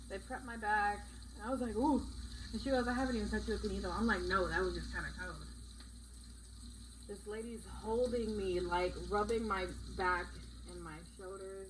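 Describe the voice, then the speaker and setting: A young woman casually retelling a story in a vlog, blunt and animated, swearing often. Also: mid-range voice, noisy background. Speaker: vlogger.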